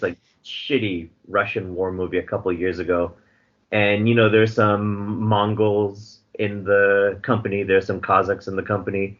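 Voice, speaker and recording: A man's voice: fairly low pitch, little pitch movement, unhurried. Blunt, sardonic man on a podcast. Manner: blunt, sardonic, swears freely. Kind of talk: casual podcast chat. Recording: dull lo-fi podcast audio.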